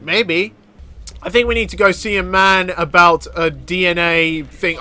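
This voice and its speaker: A man giving excitable let's-play commentary as a gaming YouTuber, yelping, cackling and chattering at the game. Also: high-pitched, a little slow, dry recording.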